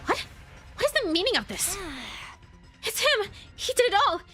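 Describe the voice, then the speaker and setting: A woman voicing a panicked young student who shouts in shock, high and frantic. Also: sing-song, moderate pace, faint music behind, heavily acted. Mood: alarmed. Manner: shrill, frantic exclamations.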